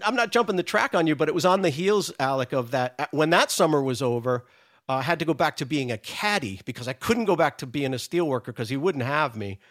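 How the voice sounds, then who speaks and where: A man in his sixties from New England, a guest telling a story in casual chat, animated, profane and self-mocking. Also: a little high, a little fast.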